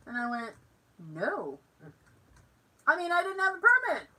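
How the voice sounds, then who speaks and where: A woman's voice: high-pitched, big pitch swings, normal speed, pauses often, bright, forceful tone, far from the mic, low-quality recording. A woman from Massachusetts with a Massachusetts accent, co-hosting a podcast and telling a story in casual chat. She acts out the lines of other people in the story. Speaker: podcast co-host.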